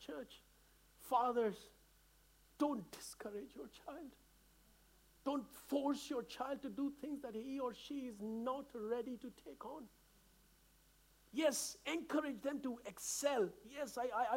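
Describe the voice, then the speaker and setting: An impassioned male pastor from India preaches to his congregation in a very high voice. He speaks earnestly, repeating and restarting phrases as he presses his point, sounding openly emotional. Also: a little slow. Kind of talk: sermon.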